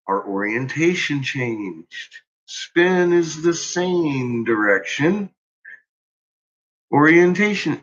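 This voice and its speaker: Exasperated swearing man, husky bright voice. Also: on the high side. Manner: exasperated, swearing often, laughing at his own points. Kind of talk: profane casual rant. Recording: dull lo-fi recording.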